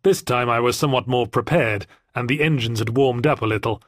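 A man's voice: medium pitch, no echo. A man narrating an audiobook in the first person with a dry, wry storytelling manner.

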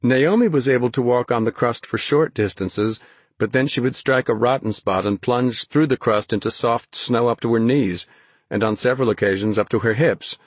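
A man with a husky voice narrating an audiobook in a steady, even storytelling manner. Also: medium pitch, moderate pace, no echo. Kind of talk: scripted narration.

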